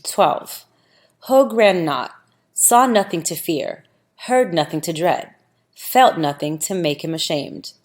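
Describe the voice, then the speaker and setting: A woman narrating a scripture audiobook in a deliberate, measured reading. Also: on the low side, animated. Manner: slow, deliberate, archaic phrasing.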